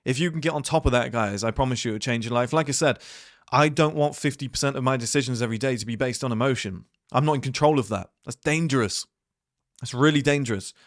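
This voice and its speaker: A man in his thirties talks straight to his viewers in a loose, motivational ramble. His voice sits at a middling pitch and is recorded close and dry, with no room sound. He swears freely and circles back on his points with lots of "like" and "you know". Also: fast talker, no echo. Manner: blunt, swears freely, rambling with many fillers. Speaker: channel host. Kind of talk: casual motivational talk to viewers.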